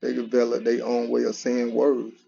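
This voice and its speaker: A man's voice: medium pitch, completely flat delivery, moderate pace, creaky, warm tone, a little hiss or hum. A man, talking in a casual, conversational monologue with frequent restarts and repeated "you know". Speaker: commentary channel host. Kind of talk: casual solo commentary. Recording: dull lo-fi recording.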